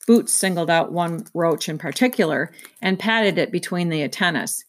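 A woman reading a children's novel aloud, in a steady storytelling manner. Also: lowish voice, moderate pace, few pauses. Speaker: reader. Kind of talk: children's book read-aloud.

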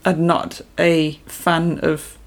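A woman's voice: low voice, level tone, extremely slow, a crowd in the background. Woman chiming in casually. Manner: reactive, chiming in with short agreements and asides. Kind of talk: casual chat.

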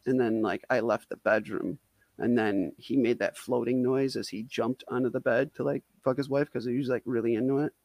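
A man's voice: medium pitch, fairly even intonation, fairly quick, darkish tone, dry recording. A man from Wisconsin telling a self-deprecating comic story in a casual, rambling way, full of "like" fillers. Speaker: storyteller guest.

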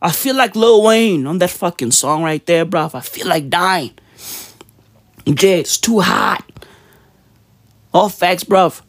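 Animated, breathy woman ranting. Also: lowish voice, no room sound, clean studio sound. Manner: animated, profane, slangy, mimics sounds. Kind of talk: comedic rant to camera.

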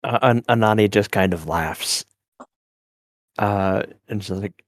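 A man running a tabletop role-play game as game master, with a low voice. He talks in short, blunt lines and swears casually. The recording is dry and close to the mic. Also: slow pace, pauses often, no room sound.

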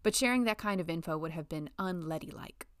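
A woman reading a novel as an audiobook narrator, in a measured storytelling manner. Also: fairly low pitch, expressive, no room sound, studio quality. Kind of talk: scripted narration.

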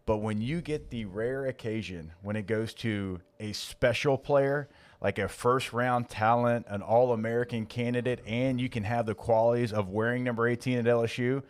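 A man's voice: mid-range voice, normal speed. A man co-hosts a casual sports podcast in a stadium studio. He speaks earnestly and steadily, often starting his thoughts with "like" or "I mean.". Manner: earnest, heavy use of "like" and "I mean". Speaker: podcast co-host, former player.

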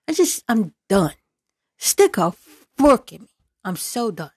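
A woman's voice: fairly high pitch, very animated, takes it slowly, pauses often, darkish tone, slightly rough, no room sound. Exasperated woman ranting in a dry room. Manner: exasperated, sarcastic, repetitive emphasis. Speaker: political commentary vlogger. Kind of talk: reading news then ranting commentary.

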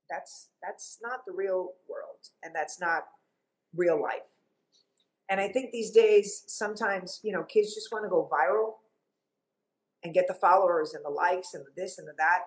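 A woman's voice: mid-range voice, poor audio. A middle-aged woman from Cuba, a TV journalist, talking emphatically as a guest in an interview. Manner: animated, emphatic storyteller. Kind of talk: interview conversation.

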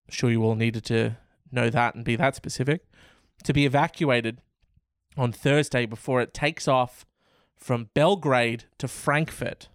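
Sarcastic male comedy host, rambling asides; smooth, slightly high voice, dry sound. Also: steady tone, unhurried, no echo. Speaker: host reading and mocking news stories. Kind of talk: comedic news commentary.

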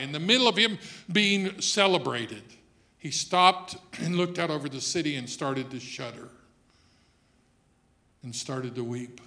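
Man preaching a conversational sermon. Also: mid-range voice. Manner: conversational preaching, swings from quiet to loud emphatic. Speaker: pastor.

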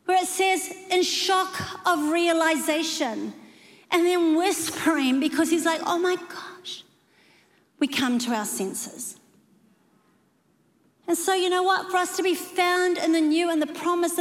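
Lady preacher with a high voice, really animated, lots of emphasis, big echoey church hall. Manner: animated, emphatic, acts out quoted lines. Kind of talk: sermon. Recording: long echo of a hall.

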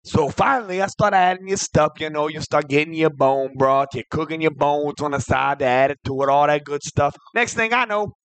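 High bright guy telling a goofy story on a podcast, gets loud all of a sudden, dry mic. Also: a little fast, few pauses, clear, resonant tone, no room sound. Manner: animated, jumps into loud outbursts. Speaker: co-host.

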